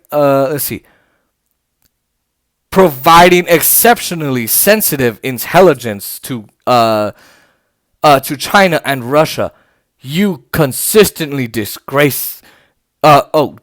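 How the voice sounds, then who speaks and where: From home, a man hosts a political commentary podcast, sarcastic and indignant as he reads posts aloud with many fillers and restarts. His voice is fairly high, and the recording is dry and studio quality.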